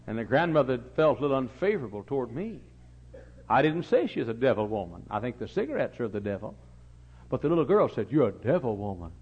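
A man preaching a fiery sermon in a church, telling folksy stories and acting out voices, his delivery swinging between quiet asides and loud, lively bursts. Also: mid-range voice, fast talker, husky. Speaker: pastor. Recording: slightly dull sound.

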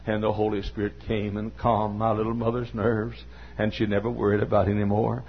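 Older preacher telling a story in a sermon. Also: male voice, fairly low pitch, little pitch movement. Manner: halting storytelling, rising to fervent preaching. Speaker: pastor. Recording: dull lo-fi recording with faint hum.

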